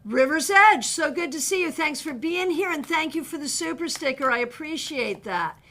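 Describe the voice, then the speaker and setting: A woman's voice: high-pitched, expressive, normal speed, pushed and bright. A woman giving live tarot readings, chatty and direct, greeting viewers by name and giving blunt advice. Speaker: tarot reader. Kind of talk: live-stream card readings.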